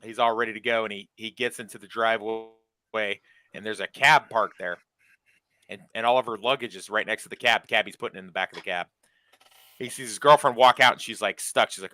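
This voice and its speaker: A man's voice: mid-range voice, fast, dry recording. A man telling jokes on a casual stream, acting out the characters' lines as he goes. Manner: animated storyteller, acts out characters' lines.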